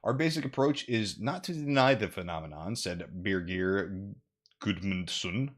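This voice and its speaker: Low-voiced man reading aloud with jokes. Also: animated, measured pace. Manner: profane, jokey reading. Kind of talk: casual chat, reading aloud.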